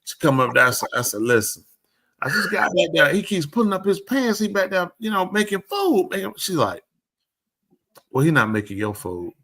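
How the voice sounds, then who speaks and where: Guy on a live show, bright voice, acts out every back-and-forth. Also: high voice, moderate pace. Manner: animated, acts out quoted exchanges. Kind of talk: casual storytelling chat.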